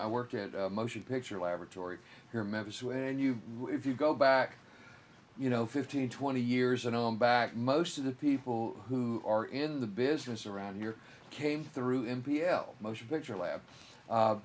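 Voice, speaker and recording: An older man, a guest in an interview, talking in a rambling way with halting restarts. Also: medium pitch, a little mellow, slight background noise. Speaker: filmmaker guest.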